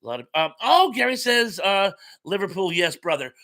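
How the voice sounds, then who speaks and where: Bright-voiced man hosting a live chat. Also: sits high, sing-song, moderate pace. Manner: friendly and rambling, with many fillers. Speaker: live stream host. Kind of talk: casual chat reading out viewer comments.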